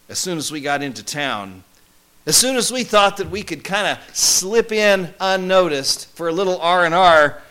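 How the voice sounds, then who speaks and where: A man playing a male disciple who recalls his travels in a first-person monologue, wry and conversational, with lively swings in emphasis. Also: fairly high pitch, clean tone. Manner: conversational, wry, animated storytelling.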